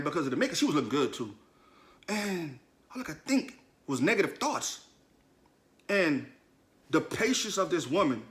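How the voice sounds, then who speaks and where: A man's voice: on the high side, sharp tone. A man hosting a podcast, telling a personal story in a blunt, confessional, slangy way and speaking straight to his listeners. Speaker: podcast host. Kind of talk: candid personal storytelling monologue.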